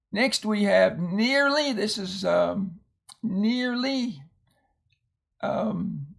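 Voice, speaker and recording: A man's voice: sits high, creaky. A man teaching a phonics lesson, reading out a word list and explaining each word in a patient way with homely asides.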